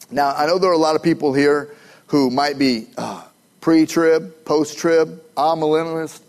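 Emphatic preacher man, higher voice. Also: normal speed, a little mellow. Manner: emphatic, calls for audience responses. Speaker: pastor. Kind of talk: sermon.

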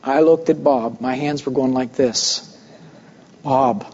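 A man preaching a sermon, telling a personal story with animated voices for the people in it. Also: mid-range voice, a little slow. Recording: muffled recording with long hall reverb.

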